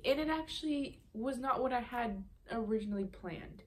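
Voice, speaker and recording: A woman's voice: high voice, a little slow, a little hiss or hum. Chatty teenage girl telling a story. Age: late teens. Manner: chatty, full of "um" and "like". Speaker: vlogger. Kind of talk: storytelling vlog.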